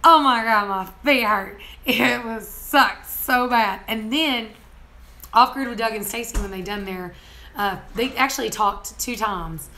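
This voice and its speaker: Lively woman telling a story. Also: on the high side, a little slow. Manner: animated, laughs often, acts out quotes. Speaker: homestead vlogger. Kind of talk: casual storytelling vlog.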